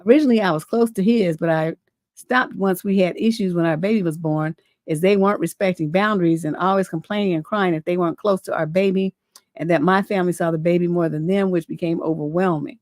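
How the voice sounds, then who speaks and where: A middle-aged woman with a lowish voice chats casually on her advice livestream, blunt and cussing freely. She rambles with lots of fillers as she tells stories and reads viewer letters. The sound is close and dry, with no room echo. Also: quick pace, a little mellow. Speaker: relationship coach and livestream host.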